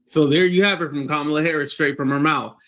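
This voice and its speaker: A man's voice: a little high, fairly even intonation, quick pace, fairly bright tone. A man giving conversational political commentary, thinking his points through as he goes. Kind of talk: opinion commentary.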